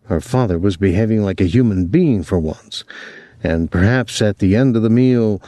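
A man reading an audiobook as the narrator in a measured, even way. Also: lowish voice, no echo. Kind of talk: scripted narration.

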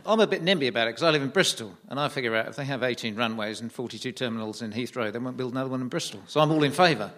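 A man's voice: mid-range voice, animated, rapid-fire, hardly any pauses, fairly bright tone. A man as a guest on a comedy panel, chatty with rambling comic asides.

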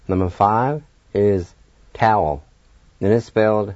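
A man's voice: fairly low pitch, measured pace, darkish tone, dry recording. A man teaching a radio language lesson, patiently spelling words letter by letter and encouraging learners. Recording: dull, dry lo-fi radio sound.

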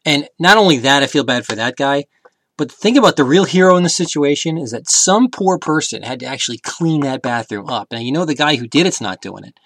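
A man telling comic stories in an animated, sarcastic way, with rambling restarts and bursts of loud emphasis. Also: medium pitch, dry recording. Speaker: comedic commentator. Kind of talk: comedic storytelling.

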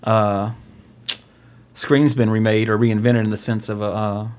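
A man's voice: fairly low pitch, level tone, a little slow, a little mellow. A man hosting a podcast in casual chat, rambling and joking offhand about films. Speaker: podcast host.

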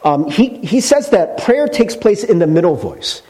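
A man's voice: high-pitched, big pitch swings, unhurried, warm tone. A male pastor preaching a sermon in a conversational storytelling way, with casual fillers.

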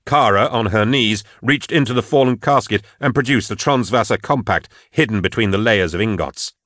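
Low-voiced male audiobook narrator. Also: moderate pace, fairly bright tone, no room sound, clean studio sound. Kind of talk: scripted narration.

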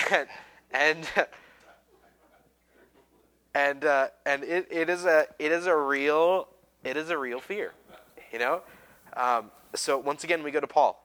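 Bright-voiced male pastor preaching. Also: on the high side, slow pace, long pauses, clean tone. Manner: casual storytelling with many fillers and restarts; self-deprecating, humorous. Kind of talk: sermon.

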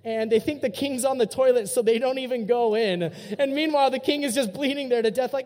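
A young youth pastor preaches a youth sermon briskly, with few pauses, in a casual and animated storytelling style. His high voice has a mellow, relaxed tone and echoes with the long reverb of a hall.

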